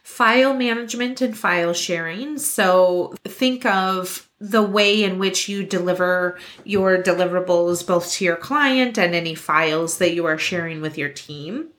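A woman's voice: lowish voice, unhurried, hardly any pauses, fairly bright tone. A young adult woman hosting a podcast, giving earnest, encouraging business advice. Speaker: podcast host. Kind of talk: scripted podcast talk.

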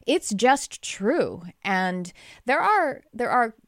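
A woman hosting a podcast conversation, animated and quick to laugh. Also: fairly high pitch, no room sound, clean studio sound. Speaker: podcast host. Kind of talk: casual conversation.

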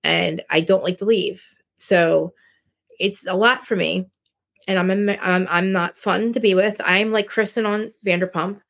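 A woman's voice: mid-range voice, measured pace, gravelly. A woman hosting a podcast, chatting casually and ranting about reality TV, rambling with many restarts. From New Jersey. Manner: rambling, animated, rants with frequent restarts. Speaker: podcast host. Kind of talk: casual chat.

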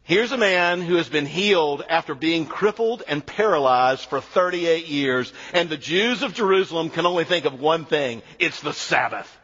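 A husky-voiced man preaching a sermon with a high, lively voice that swings widely as he stresses his points. It is a dull, lo-fi recording with long reverb from a large church hall. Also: moderate pace, few pauses. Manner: animated, emphatic preaching with sudden drops to low, quiet lines. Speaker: pastor.

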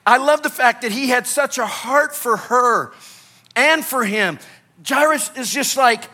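A male pastor from Illinois, preaching an animated sermon that swings between loud urgency and quiet, hushed moments. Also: very high voice, a little slow.

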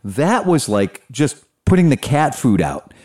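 Male host, lively storyteller, wide pitch swings, plays out the quotes. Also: a little slow, husky. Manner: animated storyteller, acts out quotes, laughs often. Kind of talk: casual chat, storytelling.

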